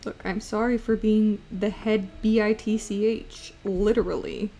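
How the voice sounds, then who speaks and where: A woman's voice: mid-range voice, steady tone, measured pace, warm tone, soft background music. A woman livestreamer chatting playfully, slipping into doting baby talk and giggling. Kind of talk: casual stream chat.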